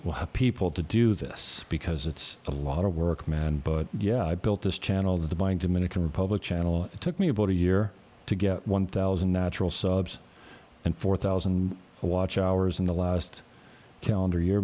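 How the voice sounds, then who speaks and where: A man's voice: sits low, warm tone. A man in his fifties, a realtor hosting his own channel, chatting casually in a rambling, profane way and chuckling often. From Canada. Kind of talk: casual rambling vlog chat.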